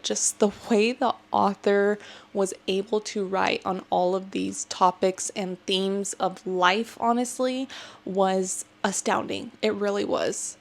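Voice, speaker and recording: A woman's voice: mid-range voice, gravelly. A young woman giving a casual, rambling book review in a vlog, still tearful after crying, with lots of "like" fillers. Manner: rambling and heartfelt, heavy on "like" fillers. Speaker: book vlogger.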